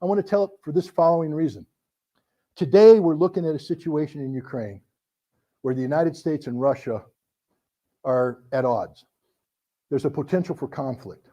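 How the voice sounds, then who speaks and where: A middle-aged man telling a story to an audience, animated, acting out the voices in his anecdotes. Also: on the high side, moderate pace, pauses often. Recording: dull lo-fi recording.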